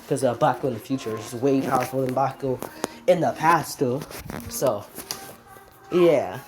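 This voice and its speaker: A woman's voice: very deep voice, normal speed, darkish tone. Woman rambling through a fan story. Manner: rambling, full of "basically" and restarts, swears. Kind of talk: casual improvised storytelling.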